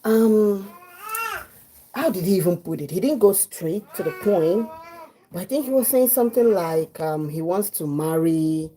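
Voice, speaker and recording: A woman with a Nigerian accent, chatting as a livestream host in her home kitchen, telling a story with lively acted-out quotes. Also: lowish voice, a little slow, slight background noise, low-quality recording. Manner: lively, acts out quotes, mixes in pidgin.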